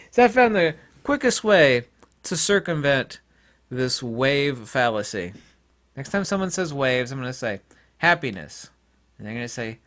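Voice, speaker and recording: Sardonic man with a lively swooping voice. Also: normal speed. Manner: sardonic, laughs at own jokes, acts out mock dialogues; swings from quiet mutters to loud high exclamations. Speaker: channel host. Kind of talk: rambling philosophical monologue.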